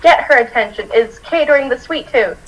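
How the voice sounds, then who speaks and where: A woman's voice: high voice, fairly quick, lo-fi sound. A woman player in a tabletop game, talking casually in a blunt, joking way with some swearing.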